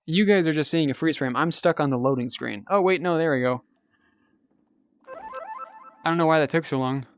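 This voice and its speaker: A man's voice: a little high, moderate pace, dry recording. A young man livestreaming a game, tired after many hours and wryly joking with his viewers. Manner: wry, self-mocking, chatting to viewers while playing. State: tired from a very long stream. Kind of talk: casual livestream gaming commentary. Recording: game music playing behind.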